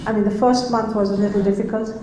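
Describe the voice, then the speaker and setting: An older woman reminiscing about her past in a halting, casual way, repeating words and laughing often. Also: mid-range voice, steady tone, warm tone, a little hiss or hum. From India. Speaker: storyteller recalling her past. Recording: very echoey room.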